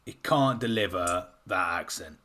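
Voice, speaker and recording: A man's voice: low voice, animated, measured pace, bright, forceful tone. A man from the UK co-hosting a podcast in casual chat, blunt and opinionated with casual swearing. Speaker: podcast co-host.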